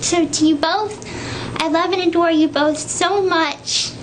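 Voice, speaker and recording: High-voiced woman, slow and soft. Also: steady tone, a little hiss or hum, poor audio. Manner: soft, affectionate, a little nervous. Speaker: person recording video messages to a partner. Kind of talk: personal video message. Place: home, indoors.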